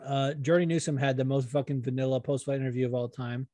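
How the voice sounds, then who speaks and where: A man in casual podcast chat about fights, talking in a profane, fast-running way with frequent restarts. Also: mid-range voice, level tone, dark tone, dry recording.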